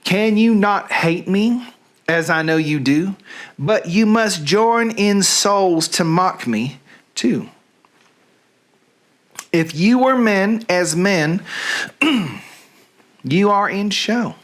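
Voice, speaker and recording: A man's voice: sits high, animated, drawn-out words, pauses often, full character voice. Helena, a man doing a drawling Southern lady. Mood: indignant. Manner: reads Shakespeare verse in a put-on drawl. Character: wronged young woman Helena, hurt and indignant. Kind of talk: comic dramatic reading.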